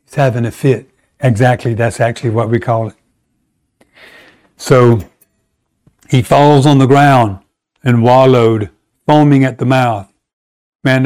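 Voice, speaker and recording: Guy preaching, chatty but emphatic, jumps up high to make a point. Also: darkish tone. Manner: conversational, emphatic preaching with sudden pitch rises. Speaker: pastor. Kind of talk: sermon.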